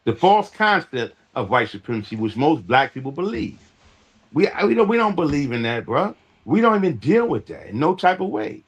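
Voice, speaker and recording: A man's voice: a little high, big pitch swings, moderate pace, husky. A man arguing insistently in a podcast debate, often stammering as he restarts. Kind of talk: heated panel debate.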